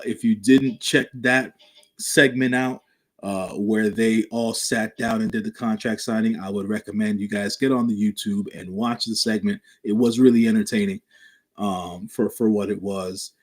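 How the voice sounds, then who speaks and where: A man co-hosting a podcast, recapping a wrestling show in a hesitant way with frequent pauses. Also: fairly low pitch, steady tone. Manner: hesitant, many fillers and restarts. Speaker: podcast co-host.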